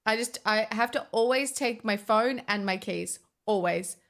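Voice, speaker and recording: A woman's voice: a little high, measured pace. Swearing young woman telling a story. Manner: chatty, swears a lot, frequent restarts. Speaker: vlogger. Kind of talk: casual storytime chat.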